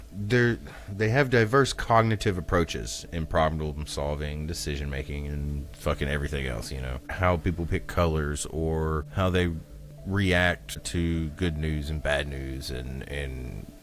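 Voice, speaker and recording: Deep-voiced, crude, joking man. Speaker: podcast co-host. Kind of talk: casual chat.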